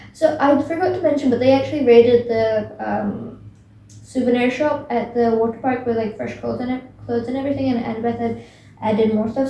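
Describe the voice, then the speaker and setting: A woman's voice: on the high side, dark tone. Young woman rambling a plot recap. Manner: rambling, many ums and restarts. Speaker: book recap vlogger. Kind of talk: casual plot retelling. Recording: echoey room, voice from a distance.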